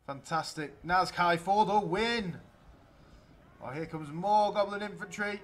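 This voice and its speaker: A young man giving excitable, chatty commentary while playing a strategy game. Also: high voice, measured pace. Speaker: let's play gamer. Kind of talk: gameplay commentary.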